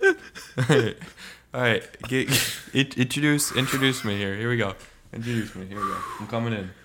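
A man's voice: medium pitch, steady tone, fairly quick, background noise. A young man improvising a comedy bit with a friend, breaking into laughter often, his voice strained from laughing.

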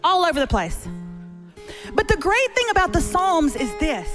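A middle-aged woman preaching as a guest speaker from a church stage, telling stories with animated humor. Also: very high-pitched, normal speed, soft background music. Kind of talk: sermon. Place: church stage before a congregation.

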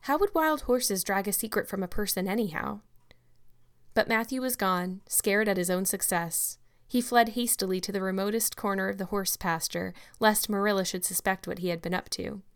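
A woman's voice: medium pitch, fairly even intonation, moderate pace, clean tone. A woman narrating an audiobook. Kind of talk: scripted narration.

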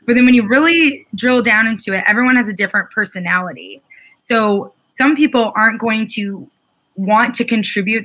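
A woman's voice: mid-range voice, sharp tone, rough recording. A woman sharing her thoughts in casual panel chat, earnest and reflective.

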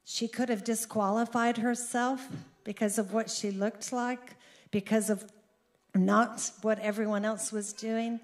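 A middle-aged woman giving a sermon, earnest and slow, who grows animated at points of emphasis. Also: mid-range voice. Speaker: speaker giving a devotional.

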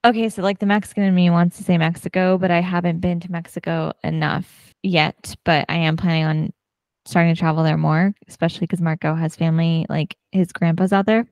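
A woman's voice: lowish voice, flat delivery, brisk, darkish tone, no echo. A woman co-hosting a podcast, chatting casually and laughing often. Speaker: podcast co-host. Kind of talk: casual chat.

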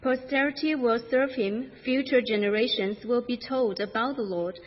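A woman reads scripture in a steady, measured way, her voice pitched a little high. The sound is dull and lo-fi, carrying a long hall reverb. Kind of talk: scripture reading.

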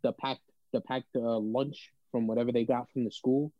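A man's voice: medium pitch, moderate pace, dry recording, muffled recording. A man co-hosting a casual podcast, joking and ranting with lots of swearing. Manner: joking, profane, animated rants. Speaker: podcast co-host. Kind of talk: casual banter.

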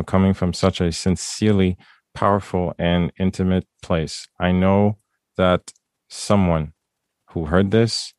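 A man's voice: deep voice, darkish tone, clean tone, no echo, clean studio sound. A man hosting a podcast interview, asking long, wordy, encouraging questions. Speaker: podcast host.

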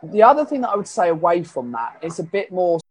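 Talking casually and correcting himself mid-thought, this male fitness coach rambles through how he coaches. He speaks fast in a high, sing-song voice with a breathy edge, and there's no echo.

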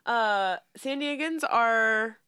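A young woman from San Diego co-hosting a casual podcast, blunt and quick to swear and laugh. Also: fairly high pitch, bright, forceful tone, clean tone, no echo, studio quality. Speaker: podcast co-host.

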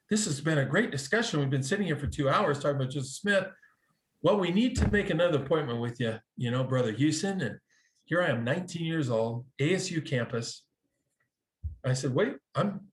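A man tells a personal story in a casual, conversational way, his voice sitting a little high for a man. He is animated, acts out the other people's lines as he goes, and often restarts his sentences mid-thought. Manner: animated, acts out quoted dialogue, frequent restarts. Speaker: guest telling a conversion story.

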